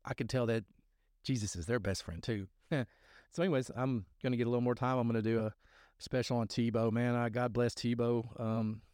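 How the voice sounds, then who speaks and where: A man's voice: medium pitch, steady tone, a little fast, darkish tone, no echo, clean studio sound. A man hosting a faith podcast, talking in a rambling, earnest way, with many restarts and trailing thoughts. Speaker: podcast host. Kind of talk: casual faith podcast talk.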